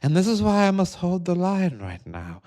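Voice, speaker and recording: A man's voice: high-pitched, big pitch swings, moderate pace, dark tone, pitched above the performer's own voice. A man mocking a smug, lecturing Trump supporter. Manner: mocking, sing-song lecture.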